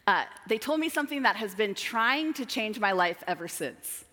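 A woman preaching a sermon, dramatic, moving between emphatic lines and hushed asides. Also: mid-range voice, animated, moderate pace. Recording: long hall reverb.

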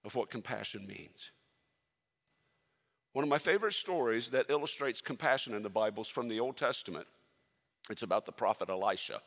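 A pastor preaching a sermon, telling a Bible story with animated swings between loud and hushed delivery. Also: male voice, fairly high pitch, gravelly, slightly rough. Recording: long hall reverb.

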